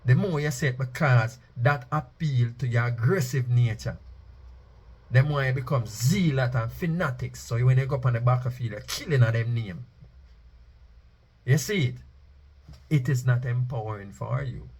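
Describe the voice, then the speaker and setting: A man preaches in an emphatic monologue. His voice is husky and rough at the edges, and he sits at an ordinary middle pitch. He slows down to chant key phrases for effect. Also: a little mellow. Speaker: Rastafari speaker.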